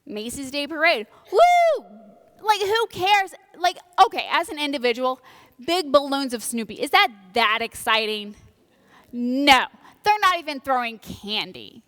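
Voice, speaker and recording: Animated woman preaching in a reverberant church. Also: sits high, normal speed. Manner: animated, swings from loud and excited to hushed and grave. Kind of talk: conversational sermon. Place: church during a live service.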